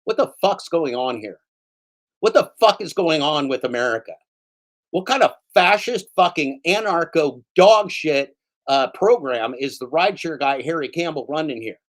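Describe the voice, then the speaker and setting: Heated male commentator, higher-pitched, profane, mocking rant. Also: expressive, moderate pace. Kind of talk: angry ranting commentary.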